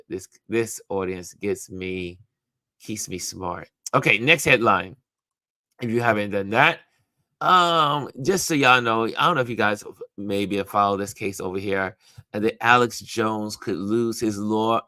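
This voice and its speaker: A man's voice: mid-range voice, bright, forceful tone, no room sound. A man hosting a casual live stream, chatting about the news and greeting viewers by name, with frequent restarts and asides. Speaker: livestream host.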